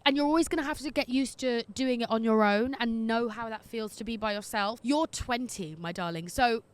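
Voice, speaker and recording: A woman's voice: on the high side, normal speed. Sassy young woman giving advice. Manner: cheeky, sassy, laughs often. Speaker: podcast host giving advice. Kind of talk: casual agony-aunt chat reading letters. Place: outdoors in windy streets.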